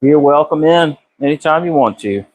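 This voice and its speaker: A man's voice: fairly high pitch, moderate pace, low-quality recording. Man, garage live-streamer, laid-back drawl, cusses casually, talks to chat on a phone mic. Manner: relaxed, drawling, swears freely, answers chat by name. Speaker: car builder live-streaming a transmission repair. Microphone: phone camera.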